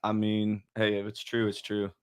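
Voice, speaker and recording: Laid-back, chuckling fighter guest. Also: male voice, on the low side, completely flat delivery, normal speed, crowd noise. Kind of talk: casual chat.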